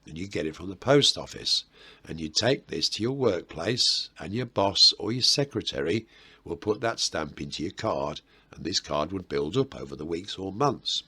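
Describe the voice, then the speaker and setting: A man's voice: deep voice, vocal fry, bright, forceful tone, slightly rough. A man with a Birmingham accent, hosting a history video and explaining old sayings in a chatty, rambling way with self-mocking asides. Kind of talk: casual history explainer to camera.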